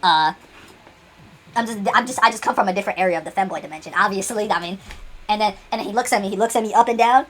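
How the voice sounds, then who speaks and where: A woman's voice: medium pitch, fast, a little hiss or hum. A woman telling an unscripted comic story, rambling with many restarts and acting out the dialogue.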